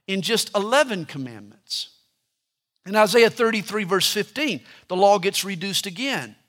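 Bright, high-pitched male preacher. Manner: emphatic, repeats scripture with rising force. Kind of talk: sermon.

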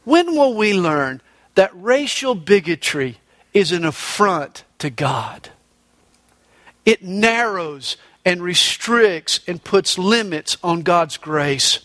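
Taking his time, a high-pitched, animated pastor with a slightly bright tone preaches emphatically, recounting stories and citing scripture while performing a joke in quoted voices. There's no echo.

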